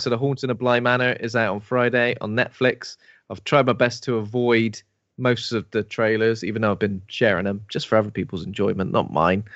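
A man's voice: medium pitch, fairly bright tone, no echo. A chatty man co-hosting a casual podcast, cracking wry asides as he runs through film news. His voice comes through dry and close, with a slightly muffled, lo-fi tone. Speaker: podcast co-host. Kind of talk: casual chat.

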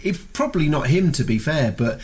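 A man's voice: a little high, lively intonation, a little fast, darkish tone, husky. A middle-aged man chatting bluntly on a podcast, swearing freely and rambling through anecdotes. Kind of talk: casual chat.

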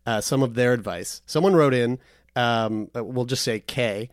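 Man, podcast co-host, reading emails, swears a lot, laughs easily, mid-pitched, dry close mic. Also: moderate pace, no room sound. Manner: swears freely, self-mocking, laughs often. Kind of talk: casual chat reading listener emails.

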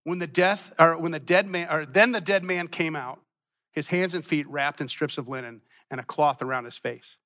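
A man with a high, bright voice preaching a sermon in church. He repeats phrases for emphasis and moves between loud and quiet passages. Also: moderate pace. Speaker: pastor.

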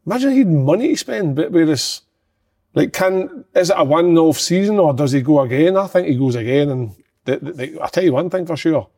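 A man's voice: fairly high pitch, animated, fairly quick, darkish tone. A man talking football in a blunt, rambling casual chat. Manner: blunt, rambling, swears freely.

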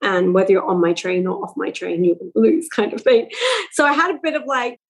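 A woman, telling stories as a podcast guest in a lively, chatty way. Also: medium pitch, a little fast, poor audio. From England. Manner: animated, chatty storytelling. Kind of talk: podcast interview.

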